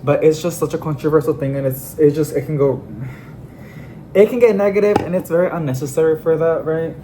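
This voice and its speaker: A young adult plant vlogger at home, chatting casually and rambling, with sudden excited squeals. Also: medium pitch, a little fast, slight background noise. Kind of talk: casual vlog chat. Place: home among houseplants.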